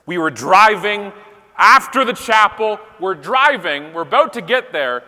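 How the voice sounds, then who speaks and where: Animated man telling a comic keynote story. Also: high-pitched, a little slow. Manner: animated, joking, talks to the crowd. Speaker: keynote speaker. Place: large conference hall with live audience. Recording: long hall reverb.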